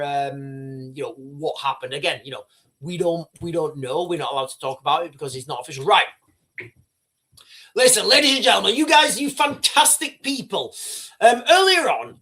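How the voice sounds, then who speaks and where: Animated British man hosting a livestream. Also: on the high side. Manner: rambling, animated, addresses viewers. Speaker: livestream host. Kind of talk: casual live commentary.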